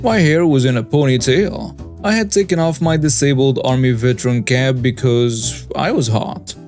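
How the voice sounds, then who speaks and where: A man narrates stories in a steady, scripted reading voice. His pitch sits in the middle of the usual male range. Quiet background music plays beneath him throughout. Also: normal speed. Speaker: story channel narrator. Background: faint background music.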